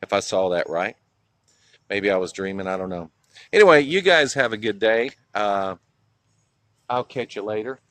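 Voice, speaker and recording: A man's voice: fairly low pitch, animated, moderate pace, long pauses, a bit bright, no room sound. A man with a Southern US accent chatting casually on a live stream outdoors, greeting viewers by name and reminiscing with frequent laughs. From southern US (North Carolina). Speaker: livestream vlogger. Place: outdoors in a small town.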